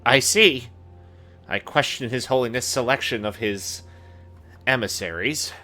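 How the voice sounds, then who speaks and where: A man's voice: medium pitch, a little slow, bright, forceful tone, soft background music. A man voicing a pompous elderly male cardinal in a fantasy game, with haughty, scolding archaic speech. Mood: condescending.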